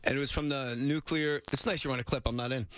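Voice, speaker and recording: A middle-aged man telling stories as a radio show guest, lively and fond of little bits. His voice sits in a medium register. It comes through dry and close, with no room behind it. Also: mid-range voice, fast talker, smooth, no room sound. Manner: animated storyteller, jumps into bits and impressions. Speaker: guest comedian. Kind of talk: casual radio chat.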